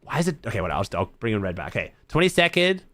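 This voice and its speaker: A man with an Australian accent chatting casually to his live-stream viewers as he watches a tournament, excitable and swearing freely. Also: on the low side, very fast, no echo.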